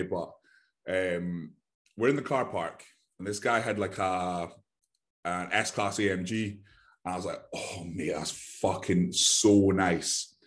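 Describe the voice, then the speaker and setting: A man with a Glaswegian Scottish accent rambles through a story in casual podcast chat. His voice sits fairly low. He swears freely and slips into the voices of the people he describes. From Glasgow, Scotland. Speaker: podcast co-host.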